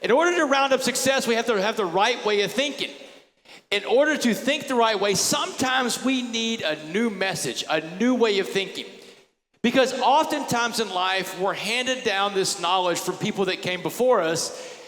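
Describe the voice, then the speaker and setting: A man's voice: high-pitched, animated, moderate pace, fairly bright tone. A man giving an emphatic motivational speech that tells stories, heard in an echoey hall. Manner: storytelling, emphatic. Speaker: keynote speaker. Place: large hall.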